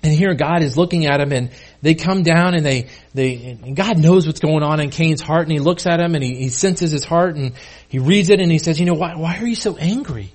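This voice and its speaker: A man's voice: fairly high pitch, normal speed. A male pastor delivering a sermon in a casual, conversational way, often repeating and restarting words.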